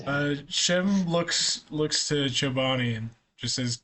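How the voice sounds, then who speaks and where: A man's voice: a little high, slow, sharp tone. A man playing a tabletop role-playing game, casually describing his character with frequent chuckles. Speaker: player.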